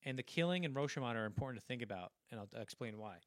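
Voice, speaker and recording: A man's voice: medium pitch, lively intonation, racing, dry recording, clean studio sound. A young man co-hosting a casual film podcast, animatedly retelling scenes in a rambling way full of restarts. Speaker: podcast co-host.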